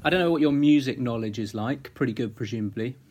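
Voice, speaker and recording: A man's voice: medium pitch, quick pace, a little mellow, breathy edge. A male host running a casual interview, friendly and teasing, with lots of fillers. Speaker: podcast host.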